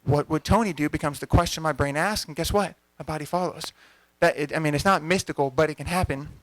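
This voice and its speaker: Animated young man telling a coaching story. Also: on the high side, quick pace, dry recording. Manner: energetic, conversational, acts out dialogue. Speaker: coach giving a talk. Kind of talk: storytelling talk to a live audience. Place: event venue.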